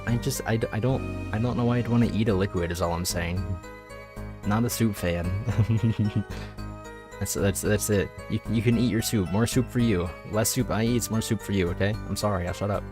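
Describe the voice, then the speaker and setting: A man's voice: on the low side, moderate pace. A young man chatting casually while streaming a game, rambling, laughing often and tripping over his words. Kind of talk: casual gameplay commentary. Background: background music.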